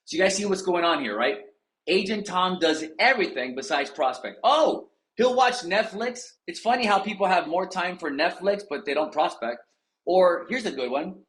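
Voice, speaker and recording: Animated male real estate coach. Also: high voice, moderate pace. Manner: animated, storytelling, addresses audience directly. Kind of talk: motivational coaching talk. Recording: roomy echo.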